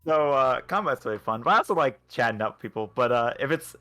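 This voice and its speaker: Bright-voiced man, laid-back and wry. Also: medium pitch, expressive, fairly quick, dry recording, faint music behind. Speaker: player. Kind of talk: casual chat about a tabletop game.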